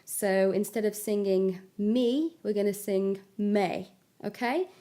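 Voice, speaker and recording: A woman giving a singing lesson, explaining vowel shapes step by step and demonstrating high notes. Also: slow pace, dark tone. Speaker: singing teacher. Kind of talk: vocal lesson with sung examples.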